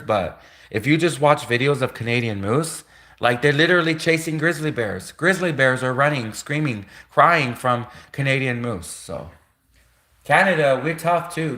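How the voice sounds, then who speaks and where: A man's voice: mid-range voice, bright, forceful tone. A man live-streaming a casual, rambling monologue, repeating himself and laughing at his own jokes.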